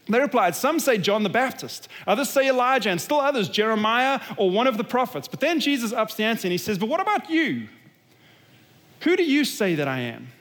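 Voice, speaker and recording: A man delivers an earnest, emphatic sermon in a high-pitched voice. He often drops low and quiet to drive a point home. His words ring out with the long reverb of a large hall. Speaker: pastor.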